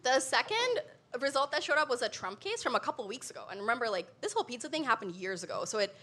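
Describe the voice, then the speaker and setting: A young woman giving a lively comedic talk, her voice bright and a touch high, swinging up and down with energy. She laughs often between lines as she plays to the audience. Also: fast. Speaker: comedy show guest.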